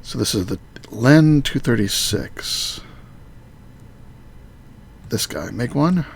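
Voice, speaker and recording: A man casually talking through a modded game on a live stream, muttering to himself with halting fillers. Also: mid-range voice, lively intonation, gravelly, husky.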